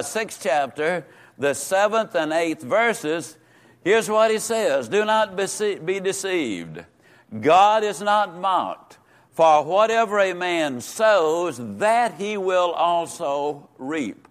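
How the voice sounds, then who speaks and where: Brief: older male Sunday school teacher, slightly high voice, emphatic and repetitive, drawn-out stresses. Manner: emphatic, repeats words for stress, slows on key phrases. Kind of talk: sermon-style Bible teaching.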